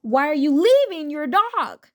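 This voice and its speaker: A woman voicing a demanding, accusing entitled mother in an animated story reading. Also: a little high, moderate pace, lightly acted. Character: shrill pushy entitled mother, middle-aged.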